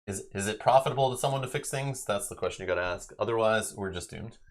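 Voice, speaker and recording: A man from Canada with a fairly low voice, chatting loosely on a live stream. He rambles from point to point and breaks into laughter often. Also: fast. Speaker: stream co-host. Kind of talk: casual chat on a live stream. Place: home room, Canada.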